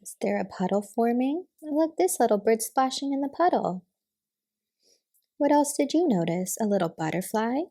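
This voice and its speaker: A young woman reading a picture book aloud to small children, gently naming the pictures and asking questions. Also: a little high, animated, moderate pace. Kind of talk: storybook reading to toddlers.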